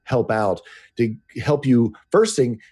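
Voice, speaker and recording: Mellow-voiced game master giving tips. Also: male voice, medium pitch, animated. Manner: thoughtful, halting with fillers. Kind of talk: casual tips discussion.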